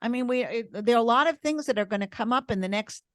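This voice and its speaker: A woman's voice: fairly high pitch, fast talker, dry recording, studio quality. An older woman co-hosting a casual chat, giving emphatic opinions in long runs with fillers. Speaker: grandmother co-host.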